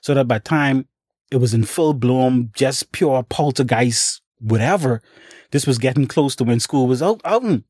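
A man's voice: medium pitch, moderate pace, darkish tone, no echo, clean studio sound. A man telling a ghost story in a casual, dramatic way, acting out the sound effects and speaking straight to his listener. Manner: colloquial, addresses the listener directly.

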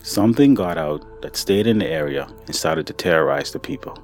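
A very deep-voiced man tells a personal story on a podcast, animated and a little fast, with faint music behind him. Now an adult who has grown since the childhood events, he chats to the listener like a friend, calling him "buddy" and "boy."

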